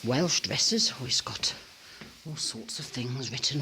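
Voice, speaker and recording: A woman vlogging casually while walking around a rural old house, chatty and excitable, gasping and exclaiming often. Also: rumbling low, slow, background noise. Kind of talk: casual walking vlog chat. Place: outdoors at a rural old house, partly inside.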